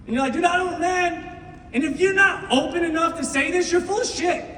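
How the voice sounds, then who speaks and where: A middle-aged man giving an impassioned motivational speech to a room of recruits, swinging from shouting to hushed tones. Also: very high voice, quick pace, slight background noise. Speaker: business team leader speaking to recruits. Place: large meeting room with an audience. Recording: echoey hall, mic far off.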